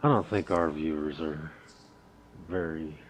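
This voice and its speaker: A man's voice: very deep voice, a little hiss or hum. A man co-hosting a casual talk show with a laid-back manner. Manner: laid-back, quick to laugh. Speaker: podcast co-host. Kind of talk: casual chat.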